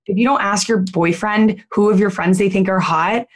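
A woman's voice: mid-range voice, moderate pace. A woman in her twenties, a guest friend in a casual chat, teasing and joking.

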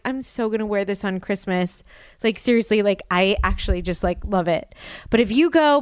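A young woman hosting a podcast in casual chat, talking fast with lots of "like" fillers. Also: medium pitch, clear, resonant tone, dry recording, clean studio sound. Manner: chatty, filler-heavy with lots of "like". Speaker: podcast host.

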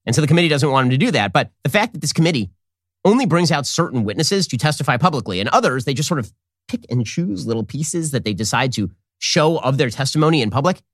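A man hosting opinionated political commentary, sarcastic and rapid-fire. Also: a little high, lively intonation, no echo, clean studio sound.

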